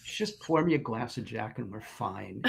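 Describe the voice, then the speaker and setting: A man voicing a swaggering, hard-drinking male rock star, low, laid-back and teasing. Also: lively intonation, moderate pace, gravelly, background noise.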